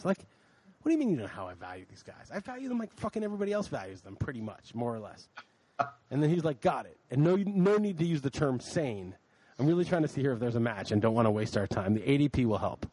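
Fast, animated man ranting casually. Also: fairly high pitch, no echo, rough recording. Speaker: podcast co-host. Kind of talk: casual chat.

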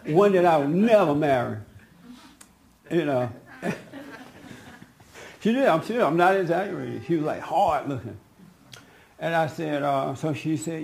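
A middle-aged man tells a family story in a casual, animated way, often laughing. His voice is slightly high and gravelly, and it jumps up when he quotes people. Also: moderate pace, long pauses. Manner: animated, laughing, quoting others in a raised voice. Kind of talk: casual personal anecdote.

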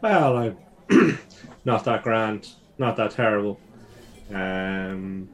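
A man's voice: on the low side, animated, drawn-out words. A man playing his character in a tabletop game, speaking in an easygoing way. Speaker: player.

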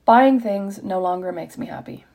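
Gravelly, husky woman reading wryly. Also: medium pitch, moderate pace, warm tone. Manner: wry, self-deprecating, confessional. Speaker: blogger reading her own post. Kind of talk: reflective personal reading.

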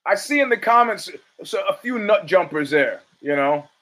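A man's voice: high voice, lively intonation, moderate pace, a bit bright, low-quality recording. Blunt, profane male podcast host. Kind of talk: opinionated sports commentary monologue.

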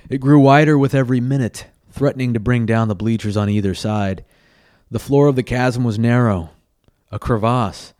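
A man reading a graphic novel aloud, narrating in a measured, dramatic way with small slips. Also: lowish voice, a little mellow, dry recording, clean studio sound. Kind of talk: storybook reading.

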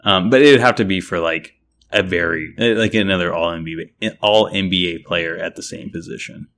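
A man co-hosting a sports podcast, talking in a relaxed, hesitant way full of fillers. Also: low voice, brisk. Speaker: podcast co-host. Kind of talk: casual chat.

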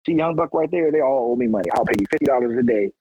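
A man voicing a pushy male street drug dealer who talks in fast, wheedling slang. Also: mid-range voice, warm tone, husky, close to an everyday voice. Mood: scheming.

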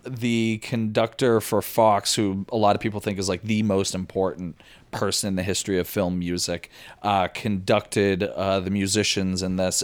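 Animated man recounting film scenes. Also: fairly low pitch. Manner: animated, many fillers and restarts, acts out his reactions. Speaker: guest film podcaster. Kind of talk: casual film discussion.

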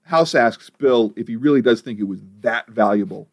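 A man with a medium-pitched voice gives a deadpan play-by-play of another show, one moment after another. His delivery stays dry and matter-of-fact. The sound is close and dry, with no room echo. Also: normal speed. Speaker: podcast co-host. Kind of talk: casual comedic chat recapping timestamps.

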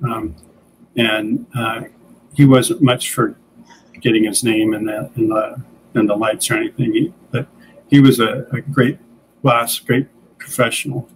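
A man's voice: mid-range voice, measured pace, long pauses, poor audio. Older male interview guest, easygoing storyteller, mid-range voice, faint hiss behind. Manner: relaxed anecdotal, acts out quoted dialogue. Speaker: guest, comics creator and editor.

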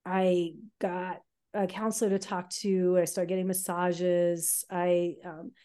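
A woman telling her own life story on a podcast, candid and halting, with many fillers. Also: lowish voice, level tone, mellow.

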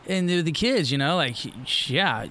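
Middle-aged florida guy rambling on a podcast, tons of fillers, normal pitch, faint noise behind. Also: normal speed. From Florida, USA. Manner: loose and rambling, full of fillers and restarts. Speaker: guest, professional surfer. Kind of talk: casual podcast conversation.

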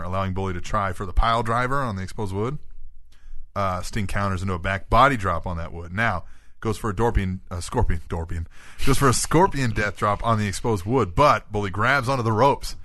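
A man's voice: fairly low pitch, sharp tone, dry recording, clean studio sound. A man co-hosting a wrestling podcast, rattling off a play-by-play recap of the week's matches and often tagging his sentences with "right?". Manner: rapid play-by-play recapping, tags "right?" on statements. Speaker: podcast co-host. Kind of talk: casual wrestling recap chat.

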